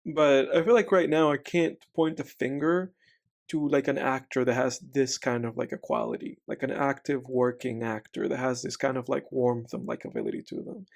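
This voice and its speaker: A man's voice: mid-range voice, animated, moderate pace, vocal fry. A man co-hosting a casual movie commentary podcast, who rambles with lots of "like" and restarts. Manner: rambling, full of "like" and restarts, laughs easily. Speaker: podcast co-host.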